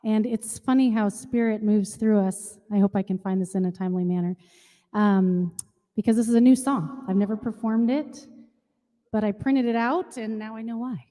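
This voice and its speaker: A woman's voice: mid-range voice, steady tone, normal speed, warm tone. A woman singer chatting casually to a congregation before her song. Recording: long reverb in a hall.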